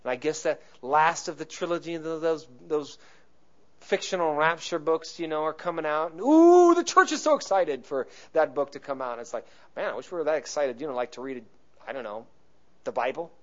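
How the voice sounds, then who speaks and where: Pastor guy preaching in church, kinda high voice, chatty then punchy, dull lo-fi sound. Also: steady tone, fairly quick. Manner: conversational preaching, swells in emphasis. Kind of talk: sermon. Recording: muffled lo-fi recording.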